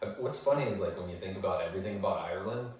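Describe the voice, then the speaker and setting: A man's voice: low voice, expressive, racing, a little mellow. A man co-hosting a podcast in a casual, jokey way, laughing easily. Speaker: podcast co-host. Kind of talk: casual chat. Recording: echoey room, mic at a distance.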